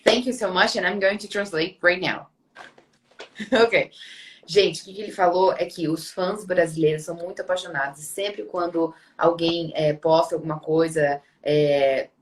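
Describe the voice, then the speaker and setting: A woman's voice: lowish voice, steady tone, moderate pace. A Brazilian woman, Portuguese native, hosting a live stream on a phone call, laughing easily, with a Brazilian accent. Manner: laughing, friendly, loose English. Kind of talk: casual live-stream chat.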